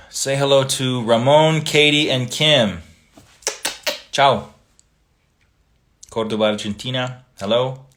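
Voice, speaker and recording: A man hosting a casual livestream, reading viewer comments aloud and chatting back in a relaxed, friendly way. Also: medium pitch, slow, long pauses, background noise. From Italian family background.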